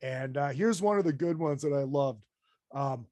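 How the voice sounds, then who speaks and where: A man's voice: medium pitch, normal speed, a little mellow, no room sound, studio quality. A man hosting a live podcast in a casual chat, reading listener comments aloud. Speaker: podcast host.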